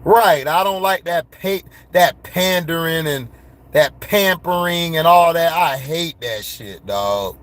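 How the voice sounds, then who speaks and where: Blunt, slangy man ranting slowly. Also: a little high, a bit bright. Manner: blunt, slangy, laughs and gets worked up. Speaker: vlogger. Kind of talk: casual rant to viewers.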